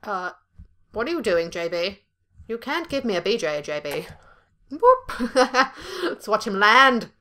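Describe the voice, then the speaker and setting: A young woman giving loud, profane, jokey commentary while playing a video game. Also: mid-range voice, expressive, a little slow. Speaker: gameplay streamer. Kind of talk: let's play commentary.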